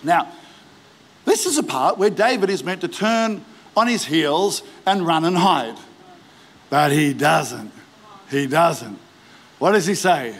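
A man preaching to a big church crowd, his voice sitting high for a man. He tells the story with lively energy and slips into character voices. At the big moments he builds to a full, ringing shout. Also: slow pace, pauses often. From Australia. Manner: animated preaching, acting out biblical characters; rises to shouting exhortation. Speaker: pastor. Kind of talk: sermon. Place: large church auditorium.

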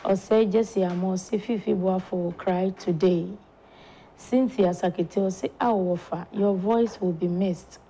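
A Ghanaian woman hosting a talk show, slowly and softly reading out viewer condolence messages in a studio. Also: mid-range voice, fairly even intonation, a little hiss or hum, low-quality recording. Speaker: show host. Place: broadcast studio.

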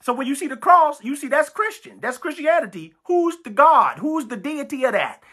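Fiery woman preacher, bright voice. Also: high voice, very animated, normal speed. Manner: fiery, repetitive, emphatic, stammering restarts. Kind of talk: sermon.

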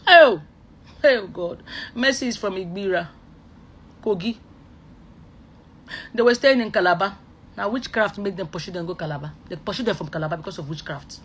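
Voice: medium pitch, a little fast, long pauses, fairly bright tone, slight background noise. Emphatic speaker with a Nigerian accent. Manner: emphatic, repeats oaths and phrases. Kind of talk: emotional online rant.

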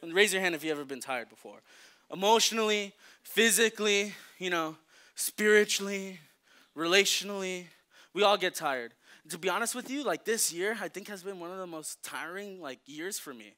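A young man preaches in a loose, joking storytelling style, full of "like" and "right?". His voice is high and very bright, with a sharp edge. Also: normal speed. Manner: casual and joking, lots of fillers. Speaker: youth preacher. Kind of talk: storytelling sermon.

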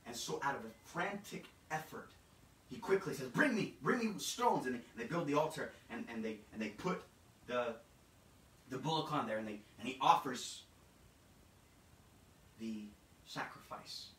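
A man preaching a sermon, dramatic and repetitive, swinging between shouts and hushed, low passages. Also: lively intonation, moderate pace, pauses often. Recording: echoey room, mic at a distance.

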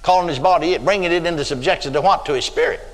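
Older male preacher, higher pitch, folksy storyteller, reverberant hall. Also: very fast. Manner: folksy storytelling, acts out quoted voices. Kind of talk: sermon.

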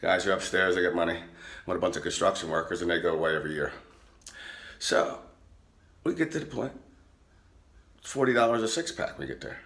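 A man telling a rowdy, profane anecdote in a casual, animated way. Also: sits low, brisk, gravelly, long pauses. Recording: roomy echo.

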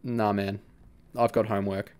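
A man voicing a cheeky, excitable teenage schoolboy who teases his friend and bursts out laughing. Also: lowish voice, moderate pace, smooth, lightly acted. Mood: evasive.

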